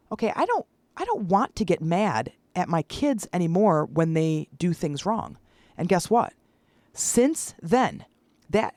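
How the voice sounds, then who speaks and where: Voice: mid-range voice, a little mellow, no room sound. A podcast host in their forties talking casually on their own, acting out the voices in their stories. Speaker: podcast host and public speaker. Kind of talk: casual solo podcast monologue.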